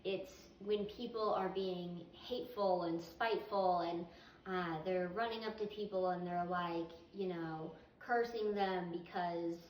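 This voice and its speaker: Woman, earnest bible teaching, conversational, slightly distant mic, faint background hum. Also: mid-range voice. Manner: earnest, conversational, reads verses aloud. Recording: echoey, distant, slightly muffled.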